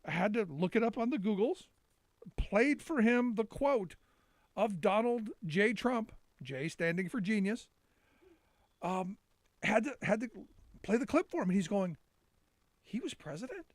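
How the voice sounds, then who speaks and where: A middle-aged man hosts a live call-in show in a sarcastic, rambling monologue, often restarting his sentences. His voice sits high for a man and is captured close with almost no room sound. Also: animated, measured pace, long pauses, dry recording. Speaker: talk show host.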